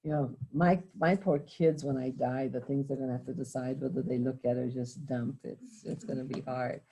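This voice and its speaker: A woman's voice: very deep voice, fairly even intonation, normal speed, warm tone, husky. An older woman teacher who tells a rambling story with self-corrections and chuckling asides, then reads poetry aloud to a class. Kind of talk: lecture and reading poetry aloud.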